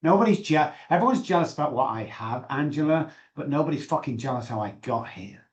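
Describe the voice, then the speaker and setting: A man's voice: on the high side, lively intonation, fairly quick. A man, a guest expert on addiction, telling stories in a brash, profane, mocking way. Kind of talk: candid podcast conversation. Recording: echoey room.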